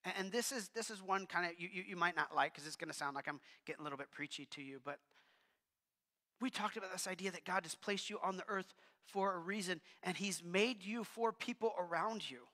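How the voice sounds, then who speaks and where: Bright-voiced casual male pastor. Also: high voice, a little fast. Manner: casual, animated preaching with asides to the congregation. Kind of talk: sermon. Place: church hall. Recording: long hall reverb.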